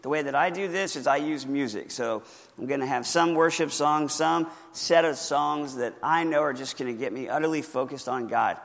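A man teaching how to read the Bible devotionally, earnest and encouraging, often slowing down to stress key words. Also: mid-range voice, vocal fry, fairly bright tone, in a large hall. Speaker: pastor teaching Bible reading. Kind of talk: teaching talk from a handout.

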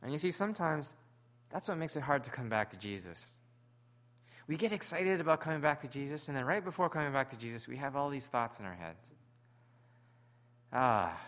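A man's voice: medium pitch, lively intonation, brisk, long pauses, fairly bright tone. A man preaching a sermon in an earnest, conversational way.

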